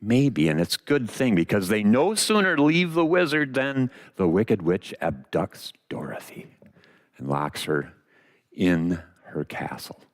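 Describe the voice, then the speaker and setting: A man preaching a sermon, retelling a story with dramatic pauses and expressive delivery. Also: fairly low pitch.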